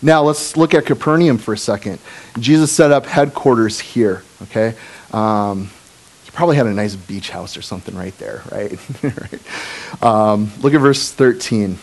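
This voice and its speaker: A man's voice: lowish voice, normal speed. A male pastor preaching a casual, joking sermon, full of asides and fillers. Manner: animated, jokey, with asides and fillers.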